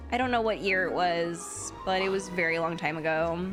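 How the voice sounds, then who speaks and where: A young woman streaming a video game, exclaiming, pleading and swearing at the screen in excitable live commentary. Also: lowish voice, a little fast, over music.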